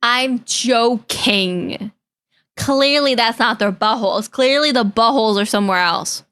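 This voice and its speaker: A young woman talks casually to her live-stream chat while reacting to videos. Her voice sits high and sounds bright. She jokes in a deadpan way that can come across as serious. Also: unhurried, smooth. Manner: joking, deadpan, chatty with chat.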